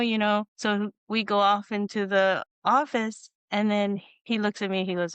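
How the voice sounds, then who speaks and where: A woman hosting a podcast, telling a personal story in a casual, animated way and acting out the dialogue. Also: a little high, normal speed, clear, resonant tone, no echo. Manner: animated, acts out quoted dialogue with lots of "you know". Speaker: podcast host.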